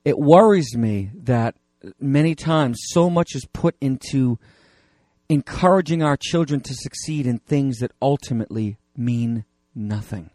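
A man's voice: mid-range voice, measured pace, dark tone, no echo, clean studio sound. Man preaching a conversational sermon. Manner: conversational preaching with fillers and restarts. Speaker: pastor.

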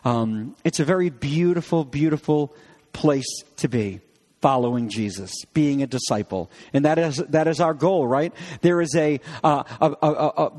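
A man's voice: on the high side, darkish tone, big-room sound. A man preaching a sermon as pastor, in a conversational way with frequent restarts, acting out lines of dialogue.

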